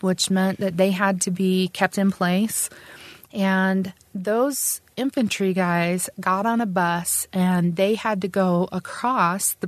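A woman's voice: medium pitch, no echo. A middle-aged woman, an army veteran, earnestly recounting her service in a conversational oral-history telling, with fillers and restarts. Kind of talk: personal oral history storytelling.

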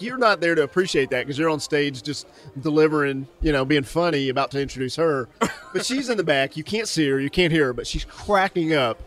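A man hosting a podcast, slightly higher-pitched than most, telling a story in a casual, animated way. He laughs often and restarts his sentences as he goes. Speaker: podcast host. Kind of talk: casual conversation.

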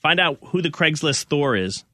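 A man's voice: a little high, lively intonation, moderate pace, bright, forceful tone, no room sound, clean studio sound. A man hosting a casual radio show podcast, chatty and laughing as he reads listener texts.

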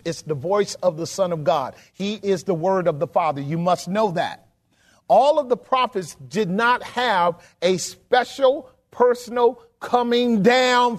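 A middle-aged man preaches a sermon in a church, and his voice sits high. He keeps asking the congregation questions and climbs to loud, emphatic peaks. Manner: call-and-response preaching, rising to emphatic peaks. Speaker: pastor. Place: church sanctuary.

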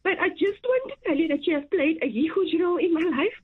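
A woman's voice: very high voice, expressive, brisk, phone-quality sound. A young woman, a journalist, calling in to a radio show, tearful and gushing with praise. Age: young adult. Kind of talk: emotional radio call-in.

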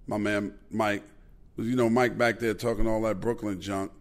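A man, hosting a podcast and telling animated, profane anecdotes in a casual way. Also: fairly low pitch, normal speed. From Queens, New York. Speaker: podcast host. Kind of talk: casual storytelling.

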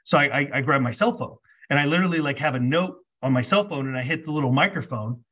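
A man's voice: mid-range voice, fast talker, husky, dull audio. A man, a podcast guest, telling a personal story casually, acting out both sides of conversations with lots of "like". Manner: animated storyteller acting out dialogue, many "like"s.

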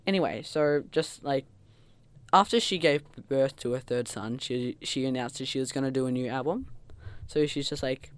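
A podcast co-host in casual chat, talking fast and bursting into loud mock quotes. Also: mid-range voice, dry recording. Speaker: podcast co-host reviewing an album.

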